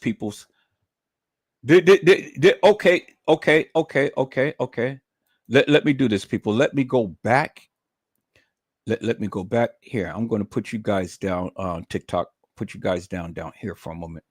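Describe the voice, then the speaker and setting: A man's voice: medium pitch, animated, normal speed, fairly bright tone, no echo, studio quality. A man ranting on a livestream, profane, mocking and repetitive. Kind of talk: livestream rant.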